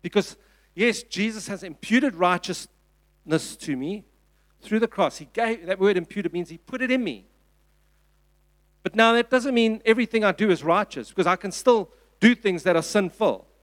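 South African pastor preaching, fairly high voice. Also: male voice, moderate pace. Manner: earnest, emphatic preaching with repeated phrases. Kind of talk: sermon. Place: church.

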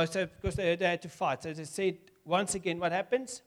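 A man preaching a sermon, acting out lively back-and-forth dialogue with God and laughing often. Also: high-pitched, brisk, hardly any pauses. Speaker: pastor.

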